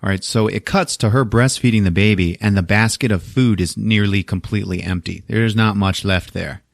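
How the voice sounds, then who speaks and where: A man's voice: on the low side, normal speed, creaky, dry recording, studio quality. A man casually retelling a movie plot on a podcast, swearing freely and acting out the scenes. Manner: animated, profane storytelling. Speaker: podcast host.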